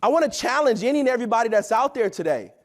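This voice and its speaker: A man in his thirties giving an energetic, preachy motivational talk at a company event, often asking "right?". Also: very high voice, very fast.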